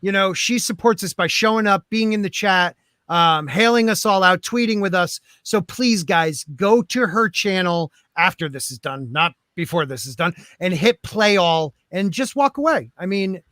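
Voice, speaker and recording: A man's voice: high voice, lively intonation, normal speed, bright, forceful tone, dry recording, studio quality. A man hosting a livestream podcast, joking around and thanking viewers for their donations. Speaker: podcast host. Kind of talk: casual livestream chat.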